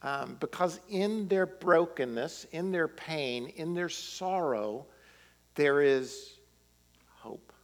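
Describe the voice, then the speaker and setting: A man's voice: on the high side, expressive, slow pace. Conversational man preaching in an echoey church. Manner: conversational with fillers. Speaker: pastor. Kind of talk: sermon.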